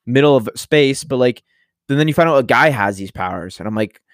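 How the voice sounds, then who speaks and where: Fast-talking man in casual chat. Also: mid-range voice, animated, no room sound, studio quality. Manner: rambling, heavy use of "like", profane. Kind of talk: casual chat about a video game.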